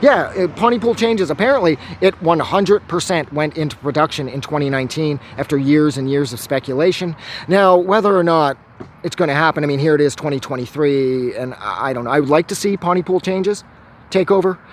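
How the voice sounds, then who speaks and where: A man's voice: fairly high pitch, fairly quick, a little hiss or hum. A man from Quebec giving a casual, rambling movie review outdoors, swearing often and enthusiastic. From Quebec, Canada.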